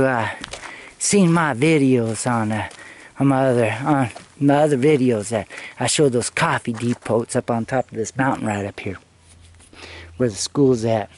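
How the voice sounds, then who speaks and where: A man's voice: mid-range voice, measured pace, slight background noise. A man vlogging outdoors on a hillside road, telling a rambling story and swearing freely as he talks to his viewers. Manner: profane, loose, talks to viewers as he walks. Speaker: travel vlogger.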